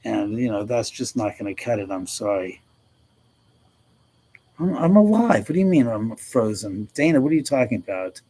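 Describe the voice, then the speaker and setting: A man's voice: lowish voice, fairly quick, few pauses, dark tone, slightly rough, rough recording. A middle-aged man hosting a casual livestream, chatting with viewers, laughing often and swearing freely. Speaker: livestream host. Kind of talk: casual livestream chat reading comments.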